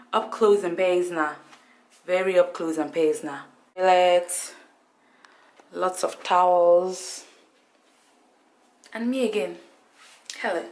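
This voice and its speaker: A woman's voice: fairly low pitch, steady tone, slow, long pauses, darkish tone. A young woman from Nigeria chatting playfully to her handheld camera as she shows off her hotel room and tour day. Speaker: travel vlogger. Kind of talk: casual vlog narration.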